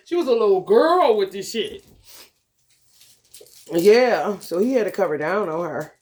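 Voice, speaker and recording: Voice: medium pitch, animated, measured pace, pauses often, a little mellow. A vlogger talking in a loose, profane monologue, laughing often and calling listeners honey and baby. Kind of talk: casual monologue.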